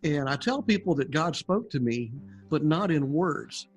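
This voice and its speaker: A man's voice: on the high side, expressive, a little slow, faint music behind. Older man telling a folksy story. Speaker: guest sharing near-death testimony. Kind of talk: casual storytelling interview.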